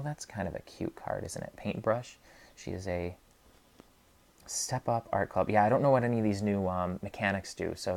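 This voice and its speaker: A man's voice: lowish voice, a little hiss or hum. A man hosting a card unboxing, telling a long story casually with lots of hedging and ums. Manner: meandering, hedging, many ums and restarts. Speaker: card unboxing channel host. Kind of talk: casual rambling storytelling while unboxing cards.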